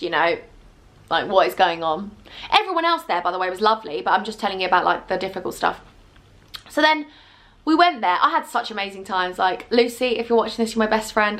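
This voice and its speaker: A woman's voice: mid-range voice, a bit bright. A woman in her twenties telling a rambling, chatty storytime vlog with many asides. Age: 20s. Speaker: vlogger.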